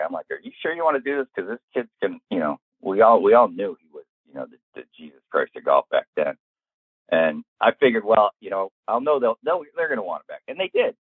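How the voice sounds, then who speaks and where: Older male golf pro guest, lively storyteller, lowish voice, phone-line sound. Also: breathy edge, no room sound. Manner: lively, acts out quoted lines in the story. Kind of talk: storytelling anecdote in an interview. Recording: tinny dry phone-like line.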